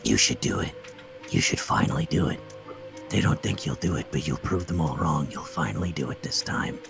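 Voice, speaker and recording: Brief: sinister tempter voice, gravelly, rock-bottom pitch, whispery. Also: male voice, expressive, music in the background, exaggerated voice. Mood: goading. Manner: slow, insistent, tempting. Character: sinister whispering inner voice, male, goading. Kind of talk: joking bit on a game stream.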